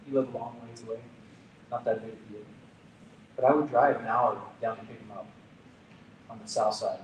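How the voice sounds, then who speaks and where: A man's voice: mid-range voice, steady tone, normal speed, slight background noise. A man preaching as a pastor, telling a personal story in an earnest, conversational way. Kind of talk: storytelling sermon. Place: church gathering room. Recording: roomy, distant from the mic.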